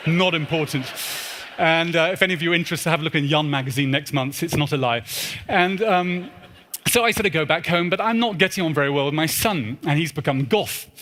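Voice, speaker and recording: Fast-talking man telling funny stories. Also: on the high side. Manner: animated, acts out dialogue in put-on voices. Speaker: keynote speaker. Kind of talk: humorous storytelling talk. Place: large church.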